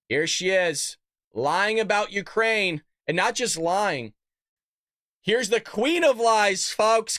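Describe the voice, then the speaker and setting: A man's voice: sits high, fairly bright tone, no room sound, studio quality. Mocking man hosting a commentary show. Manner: mocking, sarcastic, calls audience "folks". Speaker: political commentary show host. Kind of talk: casual political commentary.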